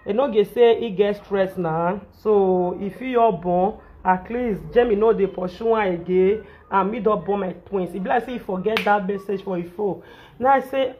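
On a live phone video, a social media personality with a Nigerian Pidgin English accent scolds and rants animatedly, repeating herself for emphasis. Her mid-range voice moves at normal speed, and the highs are cut off.

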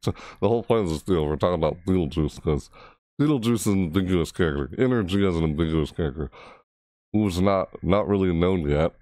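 A man hosting a reaction video, rambling casually with frequent restarts and excited asides, his voice cracking. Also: deep voice, brisk, no room sound, studio quality.

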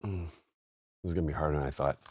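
A man co-hosting a casual gaming chat, teasing his partner and quick to laugh. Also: rumbling low, a little mellow, slight background noise. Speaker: co-host.

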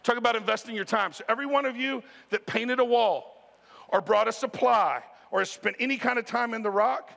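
A man preaching a sermon as pastor, telling a story in an animated, conversational way and speaking straight to the congregation. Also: extremely high pitch, a little fast, creaky, big-room sound. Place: church sanctuary.

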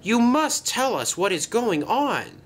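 A man voicing an earnest young male tank engine in a storybook tale, speaking in an excited, pleading way. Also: unhurried, a little hiss or hum. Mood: upset. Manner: excited, pleading, raised-pitch voice.

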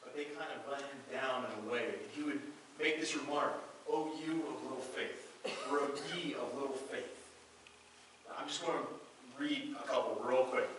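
A pastor preaching a sermon, reading scripture aloud and earnestly repeating key phrases. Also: male voice, medium pitch, moderate pace, fairly bright tone, a little hiss or hum. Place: church sanctuary. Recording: very echoey church hall, mic far off.

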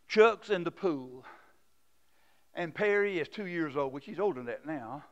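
A man preaching a sermon in a church. He swings from loud, fervent shouting to quiet storytelling. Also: high voice, muffled recording. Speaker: pastor. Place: church sanctuary.

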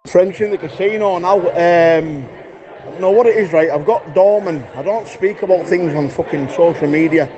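A man's voice: high voice, moderate pace, dull audio, crowd noise. A young man leaving rambling, casual voice messages, swearing often and calling the listener pet names. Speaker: voice note sender.

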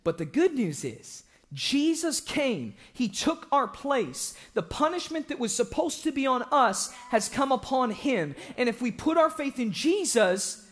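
A young man preaching an evangelistic sermon in a church, joking with the congregation and breaking into shouts for emphasis. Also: very high-pitched. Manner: animated, joking, bursts into shouting.

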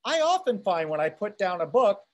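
A man's voice: high voice, very animated, brisk. A man teaching a class, reading a text aloud and commenting on it in a conversational way, asking rhetorical questions and checking in with his listeners.

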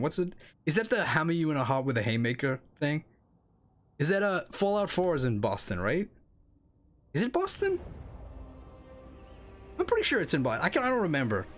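A man with a Northern English accent giving casual, animated commentary on a livestream, swearing freely and laughing often. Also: on the high side, fast talker, long pauses, faint music behind. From northern England. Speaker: streamer.

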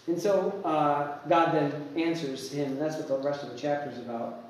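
Animated pastor preaching in echoey church. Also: male voice, fairly high pitch, normal speed, slight background noise. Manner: animated, acts out quotes, restarts often. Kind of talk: sermon. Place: church sanctuary. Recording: echoey church hall, mic far off.

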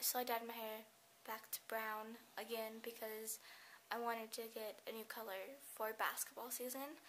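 A woman's voice: fairly high pitch, fairly bright tone, a little hiss or hum, low-quality recording. A teenage girl chatting casually in a home vlog, losing her voice and often dropping into a whisper, rambling with lots of fillers. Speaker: vlogger. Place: at home, indoors.

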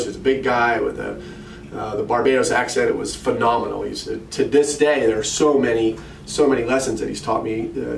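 A man's voice: mid-range voice, vocal fry. Middle-aged man coaching, in a roomy space. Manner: conversational storyteller, addresses listeners directly with questions. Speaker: practice management coach. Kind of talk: coaching talk to financial advisors. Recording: roomy, distant mic, faint ambient noise.

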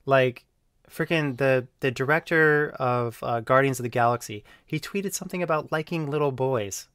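A man's voice: medium pitch, moderate pace, a bit bright, smooth, dry recording, clean studio sound. A man in a casual monologue, rambling and defensive, with lots of fillers and self-justification. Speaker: online video creator being reviewed.

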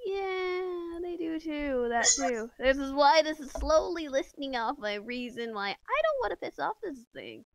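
A woman's voice: sits high, big pitch swings, measured pace, hardly any pauses, background noise. A woman playing a tabletop game, laughing often and refusing risky plans emphatically. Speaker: player. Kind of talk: casual tabletop play.

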